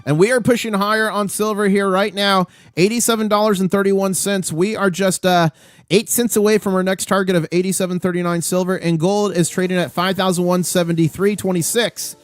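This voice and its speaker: A man's voice: high-pitched, steady tone, brisk, dry recording, clean studio sound. A man hosting a live stream, calling out gold and silver prices in a hyped, auctioneer-like rush. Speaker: livestream host. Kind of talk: live market commentary.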